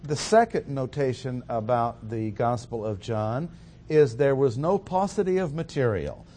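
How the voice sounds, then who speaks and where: A man delivers an expository sermon in a deliberate, measured way. He leans hard on the words he wants to stress and pauses with fillers between thoughts. His voice sits in an ordinary middle range. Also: mid-range voice, lively intonation, dark tone. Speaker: preacher.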